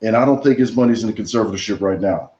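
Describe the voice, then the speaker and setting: A man on a casual podcast, calmly laying out his opinions at length. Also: fairly low pitch, roomy sound, lo-fi sound. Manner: measured, opinionated, explains his views at length. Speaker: podcast guest.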